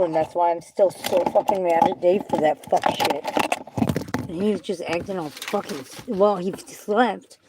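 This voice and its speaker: A woman's voice: fairly low pitch, creaky, background noise. A woman vlogging in a car, talking in a rambling, profane, frustrated way. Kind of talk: casual venting monologue.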